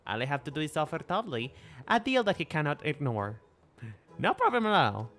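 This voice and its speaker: A man's voice: fairly high pitch, big pitch swings, brisk, a bit bright. A man casually reading the lines of an eager, bold young woman adventurer, tripping over words at times. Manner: reading game dialogue aloud with stumbles. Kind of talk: casual dialogue read-along. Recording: faint background music.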